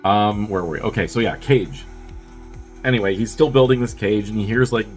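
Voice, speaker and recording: A man's voice: on the low side, brisk, a little mellow, faint music behind. A man who is sick with a cough, casually reviewing a movie in a rambling, chatty way with wry asides.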